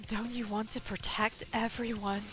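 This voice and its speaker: Woman doing a hushed, composed cornered suspect. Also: on the high side, little pitch movement, moderate pace, music in the background, close to an everyday voice. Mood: pleading. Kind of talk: reading game dialogue aloud.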